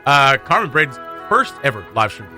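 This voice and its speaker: A man's voice: medium pitch, big pitch swings, over music. A man hosting a morning radio show, chatting casually and poking fun at himself, with frequent laughs and loose asides. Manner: chatty, self-mocking, quick to laugh. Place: radio studio.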